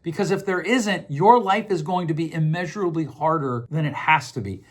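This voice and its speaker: Here a middle-aged podcast host talks at a normal speed, his voice on the high side. His explanations are casual and conversational, with frequent repeated words as he thinks and acted-out quotations.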